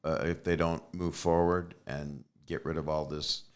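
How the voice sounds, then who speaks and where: A man's voice: rumbling low, little pitch movement, a little slow, clear, resonant tone. A man hosting an interview, speaking in an earnest, reflective way that trails off. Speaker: host. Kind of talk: casual interview chat.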